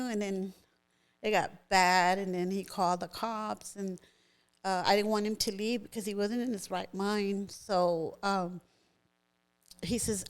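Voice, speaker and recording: A woman's voice: medium pitch, fairly even intonation, a little slow. Middle-aged woman telling an emotional story. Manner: vivid, emotional retelling that acts out others' words. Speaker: podcast guest. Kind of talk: personal storytelling in an interview.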